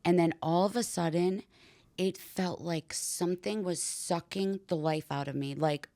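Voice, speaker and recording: A woman, a podcast guest, telling a story in a casual, animated way with lots of "like" and swearing. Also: fairly low pitch, measured pace, no room sound. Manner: animated, heavy use of "like" and swearing. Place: podcast studio.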